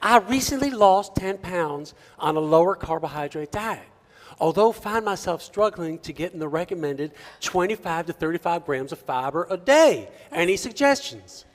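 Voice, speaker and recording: A man's voice: high-pitched, lively intonation, normal speed. A man voicing a Southern woman asking a diet question, in an exaggerated put-on Southern US drawl. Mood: earnest. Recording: long reverb in a hall-like room.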